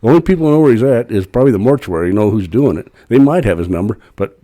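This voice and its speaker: Guest storyteller, man, low mellow voice, rattles through a rambling anecdote. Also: lively intonation, fast. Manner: rambling, plain-spoken, acts out his own quotes. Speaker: podcast guest telling a story; cemetery worker. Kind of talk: casual storytelling.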